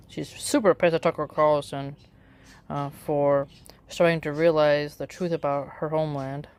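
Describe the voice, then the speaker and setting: A woman's voice: low voice, steady tone, moderate pace, darkish tone, clear, resonant tone. A woman giving casual spoken commentary in a sarcastic way, full of rhetorical questions. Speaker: political commentator.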